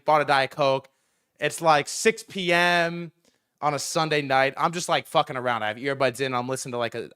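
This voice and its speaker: Young man, livestream host, casual storytelling, bright forceful tone, dry close sound, lots of fillers. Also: no room sound. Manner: animated, lots of fillers and repeats, jumps high when quoting himself.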